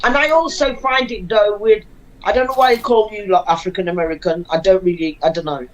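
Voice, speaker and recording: A woman's voice: medium pitch, a little fast, lo-fi sound, slight background noise. A woman on a casual panel discussion, speaking earnestly and repeating her key phrases for emphasis.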